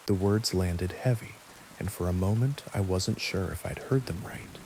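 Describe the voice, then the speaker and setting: A man reading a scary bedtime story aloud in a calm, steady storytelling manner. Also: sits low, moderate pace, a little hiss or hum, poor audio. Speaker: narrator. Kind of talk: scripted horror narration for sleep.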